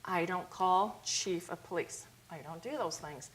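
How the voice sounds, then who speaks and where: A middle-aged woman, founder of a youth charity, telling her story in a TV talk interview, lively, acting out quoted people in a higher voice. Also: a little slow, poor audio.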